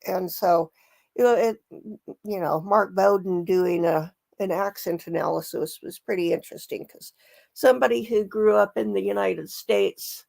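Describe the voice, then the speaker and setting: A woman's voice: mid-range voice, moderate pace, vocal fry, a little mellow. A middle-aged woman giving casual, rambling true crime commentary, with many fillers and restarts.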